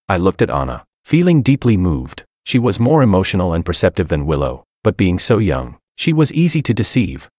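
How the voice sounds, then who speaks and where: A man giving expressive, scripted first-person story narration into a close studio mic. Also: deep voice, normal speed, hardly any pauses, no echo.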